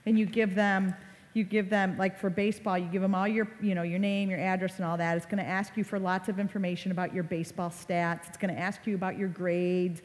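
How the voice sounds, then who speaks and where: Here the same kind of talk comes in a lower, brisk voice with little pitch movement: a woman in her forties, a speaker on online reputation, addressing a live audience in an echoing hall. She's a chatty storyteller who performs the quotes she relates.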